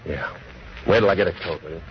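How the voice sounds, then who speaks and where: A man's voice: sits low, fast, highs cut off, close to an everyday voice. An actor playing a cynical, wisecracking hard-boiled male detective in 1940s radio acting, with a dry, sardonic delivery. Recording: scratchy old radio broadcast.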